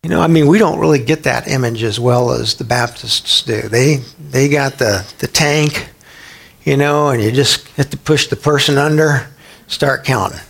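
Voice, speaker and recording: A man preaching a sermon in a conversational, animated way, acting out quotes and prayers as he teaches. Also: mid-range voice, moderate pace, creaky. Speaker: pastor.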